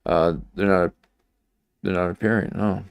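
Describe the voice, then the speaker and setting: A man hosting a live stream, commenting on clips and thinking aloud in a halting, questioning way. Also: sits low, steady tone, gravelly, smooth, no echo. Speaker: livestream host.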